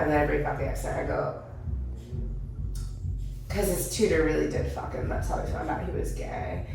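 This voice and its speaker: A woman's voice: sits low, fairly even intonation, normal speed, creaky, pauses often, darkish tone, a little hiss or hum. A young woman comedian in casual chat, joking loosely, swearing and mocking herself. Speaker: comedian guest. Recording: echoey room, mic at a distance.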